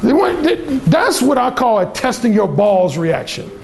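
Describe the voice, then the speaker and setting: A fairly high-voiced man with a gravelly edge talks to a seminar crowd, bluntly and with plenty of profanity. His pitch swings widely as he tells his stories. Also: big pitch swings, moderate pace. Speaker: seminar speaker, dating coach. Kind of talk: storytelling talk to a live audience.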